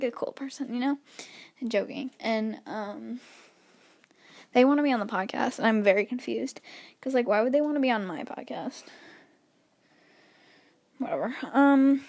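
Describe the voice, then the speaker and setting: A teenage girl with a fairly high voice rambles through her solo podcast, nervous and heavy-breathing. She keeps drifting off topic and poking fun at herself. The sound is dry and close, with no room around it. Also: darkish tone, no room sound. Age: teens. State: breathing heavily from nerves. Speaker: podcast host. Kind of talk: casual solo podcast chat.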